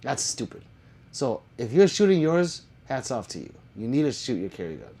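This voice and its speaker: Lively joking male live streamer. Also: medium pitch, normal speed, husky. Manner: reads viewer comments aloud, joking and swearing. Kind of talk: casual live-stream chat.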